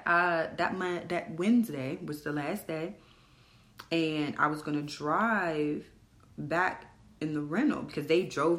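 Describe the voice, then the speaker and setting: A young adult woman with a lower voice tells her story straight to her listeners, blunt and animated, and swearing freely. Her voice rings in an echoey room. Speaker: podcast host. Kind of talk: candid storytelling monologue.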